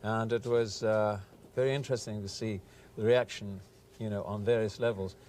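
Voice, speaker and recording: A man's voice: fairly low pitch, steady tone, normal speed, darkish tone, slight background noise. A man being interviewed as a guest on a TV show, speaking mildly and hesitantly with many ums. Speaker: actor, guest. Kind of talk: casual interview chat. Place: TV studio.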